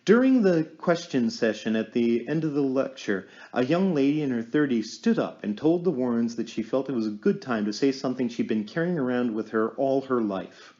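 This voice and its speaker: A man narrating an audiobook in a measured storytelling manner. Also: medium pitch, lively intonation, mellow, lo-fi sound. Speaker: audiobook reader.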